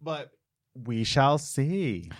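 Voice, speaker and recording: A man's voice: medium pitch, very animated, very slow, dry recording, clean studio sound. A man co-hosting a podcast in casual chat, joking and teasing. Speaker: podcast co-host.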